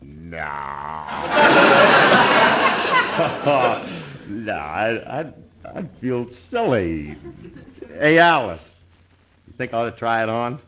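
A man's voice: medium pitch, wildly swooping pitch, drawn-out words, pauses often. A man acting as a brash, slangy, wisecracking bandleader in 1940s radio comedy, on a scratchy old recording.

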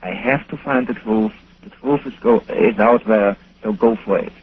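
A man's voice: on the low side, big pitch swings, creaky. German man, non-native English, earnest interview guest, phone-quality audio. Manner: earnest, slightly halting non-native phrasing. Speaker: guest researcher. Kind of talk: call-in radio interview. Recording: thin telephone line with faint hiss.

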